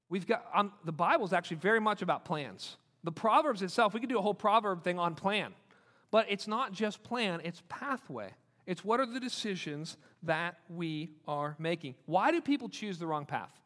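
A man preaching a sermon as pastor, animated and repeating his points for emphasis. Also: high voice, normal speed. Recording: long reverb of a large hall.

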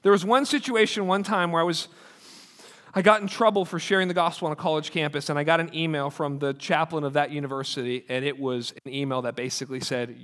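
A man's voice: fairly high pitch, fairly even intonation, fast talker, fairly bright tone. A man preaching a sermon as pastor, in an emphatic, urgent way. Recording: long hall reverb.

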